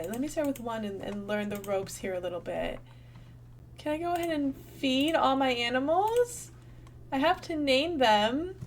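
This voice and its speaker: A woman's voice: a little high, a little hiss or hum. A young woman giving casual, bubbly gameplay commentary, thinking aloud and chatting to her viewers. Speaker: gaming channel host.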